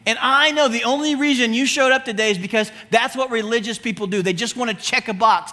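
High-voiced, animated male preacher. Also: a little fast, few pauses. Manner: animated and humorous, swinging between loud emphasis and low asides. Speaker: pastor. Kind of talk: sermon.

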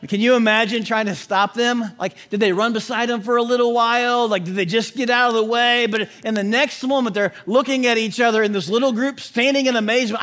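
A male pastor preaching a sermon in an animated way, mixing in jokes and puns. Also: high-pitched.

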